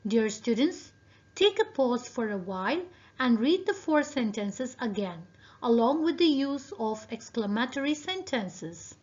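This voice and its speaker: Woman, teacher, recorded lesson, slow and deliberate, muffled audio. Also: fairly high pitch, very animated, a little mellow. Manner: slow, deliberate, addresses students directly. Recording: dull lo-fi video audio.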